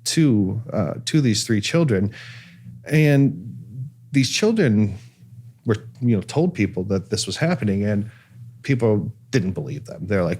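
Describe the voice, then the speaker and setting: A man's voice: lowish voice, expressive, measured pace, a little mellow, husky. A man from Cleveland hosting a casual talk show, telling a story with lots of fillers and restarts. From Cleveland, USA. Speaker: podcast host. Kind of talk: casual chat.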